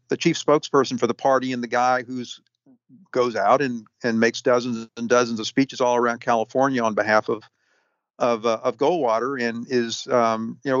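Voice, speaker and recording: A man answering interview questions at length, halting often with fillers and restarts. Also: medium pitch, no echo. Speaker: historian guest. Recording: dull, lo-fi sound.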